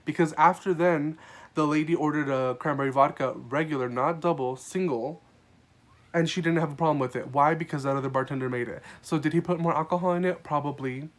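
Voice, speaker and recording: A man who works as a restaurant server, telling a story from his shift in an animated, exasperated way, swearing freely. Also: a little high, brisk. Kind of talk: casual storytime vlog.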